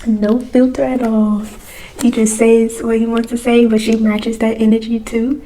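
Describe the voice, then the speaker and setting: A woman's voice: a little high, little pitch movement, moderate pace, mellow, a little hiss or hum, low-quality recording. A young woman chatting casually on camera in a reading vlog, gushing and exclaiming, humming along often. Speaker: book vlogger. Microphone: camera mic.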